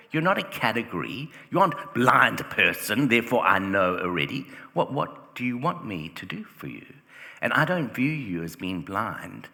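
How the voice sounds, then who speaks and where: A man's voice: medium pitch, vocal fry, pushed and bright. A man preaching a sermon in a church, in a conversational way, often using "like" and asking rhetorical questions. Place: church hall. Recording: reverberant church hall.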